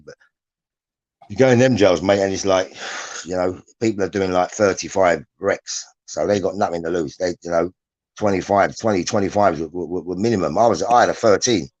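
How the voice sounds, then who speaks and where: A former prisoner, appearing as a guest, shares prison stories in casual chat with a low, brisk, darkish voice on lo-fi audio. He rambles, repeats words, restarts sentences, and often tags lines with "yeah?".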